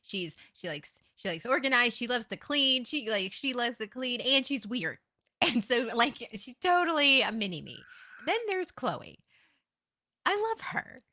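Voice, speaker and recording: A woman's voice: fairly high pitch, very animated, measured pace, bright, forceful tone. A woman in her thirties chatting casually and giggling as a podcast co-host. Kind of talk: casual chat.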